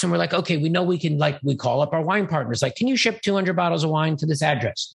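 A man, an event organizer and interview guest, telling a rambling, animated story and acting out quoted dialogue. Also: fairly high pitch, fast, creaky, few pauses, breathy edge. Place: Los Angeles.

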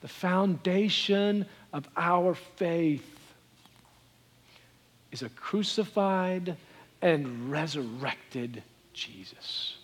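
A man preaching a sermon, building to loud emphatic peaks and dropping to soft, quiet lines. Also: a little high, very slow, pauses often, breathy edge, in a large hall. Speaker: pastor.

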